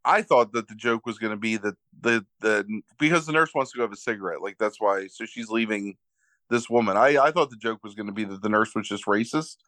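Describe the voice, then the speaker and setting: A man's voice: fairly low pitch, fairly quick, bright, forceful tone, dry recording. A man co-hosting a podcast, retelling a movie's plot in casual, rambling chat full of fillers and self-corrections. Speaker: podcast co-host recapping a movie.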